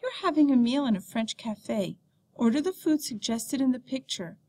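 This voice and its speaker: A woman teacher reading a beginner French textbook lesson aloud, saying the French words slowly and clearly. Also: sits high, expressive, a little mellow, slight background noise.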